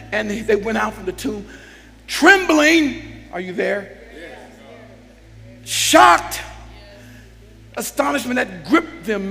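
A man preaching a sermon as a bishop, calling out to the congregation and building into shouts. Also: high-pitched, creaky, a little hiss or hum. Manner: call-and-response preaching, swells into shouts. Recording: long hall reverb with faint music.

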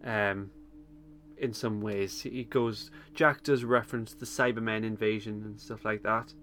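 A man's voice: lowish voice, steady tone, measured pace, fairly bright tone, a little hiss or hum. A man hosting a casual podcast chat, recapping a TV episode with frequent chuckles and hesitant ums. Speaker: podcast host.

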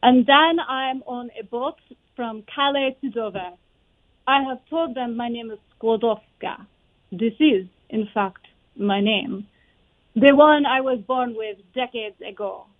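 An actress voicing a dignified Polish-born woman scientist, with a Polish-French accent and a measured, reflective way of talking, over a tinny phone-like line. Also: a little high, natural voice.

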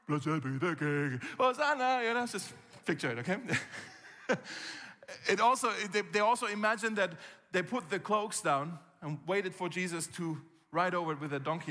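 A man preaching a sermon as pastor, telling the story vividly and acting out scenes with gasps and shouts. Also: fairly high pitch. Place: church hall. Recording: long reverb from a church hall.

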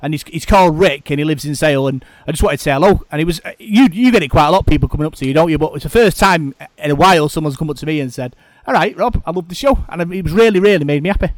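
A man's voice: a little high, racing, few pauses, no room sound. A middle-aged man hosting a podcast in casual chat, rambling and restarting his sentences often. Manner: rambling, frequent restarts and repeated words. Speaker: podcast host.

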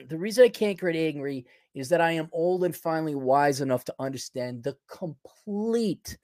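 A man's voice: a little high, a little mellow, dry recording, clean studio sound. A middle-aged man hosting his own podcast, talking in a rambling, sarcastic, opinionated monologue full of restarts and chuckles. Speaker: podcast host.

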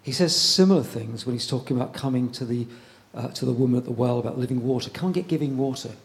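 Conversational male preacher. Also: medium pitch. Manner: conversational, pausing, repeats words. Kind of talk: sermon.

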